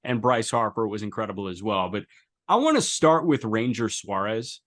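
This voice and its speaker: A man co-hosting a baseball podcast, recapping games with enthusiasm and quick stat-heavy talk. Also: on the low side, sing-song, fairly bright tone. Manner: enthusiastic, recaps game stats in a brisk flow. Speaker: podcast co-host. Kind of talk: casual sports podcast chat.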